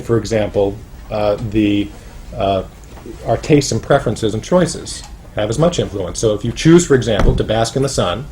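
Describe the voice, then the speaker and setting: A man's voice: fairly low pitch, mellow, a little hiss or hum. Chatty male author, wry and rambling. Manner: chatty, wry, many fillers and restarts. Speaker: author speaking at a roundtable. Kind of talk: informal talk to a small audience.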